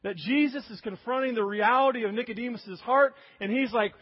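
A man's voice: extremely high pitch, a little fast, hardly any pauses, highs cut off. A man preaching a sermon, emphatic, acting out quoted voices as he goes. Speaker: pastor.

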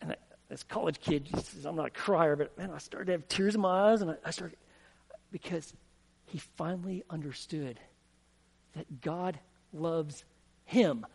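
Emphatic high-voiced male pastor preaching. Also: moderate pace, vocal fry, long pauses, darkish tone, breathy edge. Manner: emphatic, asks the congregation questions. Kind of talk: sermon. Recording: long hall reverb.

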